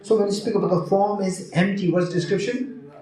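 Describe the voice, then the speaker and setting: A man's voice: sits high, brisk, mellow. A man teaching at a retreat, who keeps questioning and teasing his students and repeats key phrases. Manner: repeats phrases, quizzes and teases the audience. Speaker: Buddhist teacher. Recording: echoey room.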